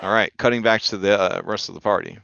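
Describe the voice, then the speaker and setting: A man's voice: lowish voice, fairly even intonation, quick pace, vocal fry, pushed and bright, highs cut off, a faint crowd. A man narrating a tabletop game as game master, rambling and joking with lots of fillers.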